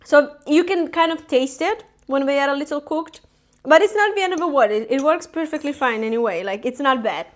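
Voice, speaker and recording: A woman hosts a relaxed live cooking stream. Her voice sits high, and she chats loosely with viewers, giggling often at her own cooking. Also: brisk. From Italy. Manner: chatty and giggly, laughs often at herself. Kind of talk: casual live-stream chat while cooking. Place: home kitchen.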